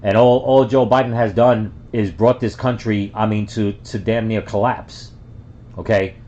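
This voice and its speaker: Rambling man from the Bronx, low voice. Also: steady tone, unhurried, mellow, slight background noise. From the Bronx, New York. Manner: rambling, with many fillers and restarts. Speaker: reaction video host. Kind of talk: casual reaction commentary. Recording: dull lo-fi sound.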